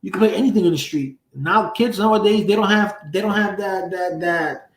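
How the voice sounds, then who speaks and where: A man's voice: high voice, normal speed, distant mic. Streetwise New man, echoey room. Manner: streetwise slang, loose and profane. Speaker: livestream host. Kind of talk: casual livestream storytelling. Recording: roomy echo.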